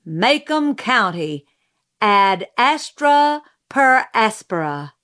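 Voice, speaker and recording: A woman's voice: a little high, sing-song, fairly bright tone, exaggerated voice. A woman putting on a pompous pageant matron. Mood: grandiose. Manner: grand, drawn-out declaiming. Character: pompous middle-aged woman pageant organizer.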